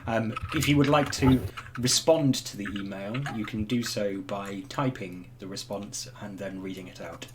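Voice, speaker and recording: Hesitant game master. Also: male voice, fairly low pitch, fairly even intonation, moderate pace. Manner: hesitant, full of ums, laughing. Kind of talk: running a tabletop game online. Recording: noisy home recording.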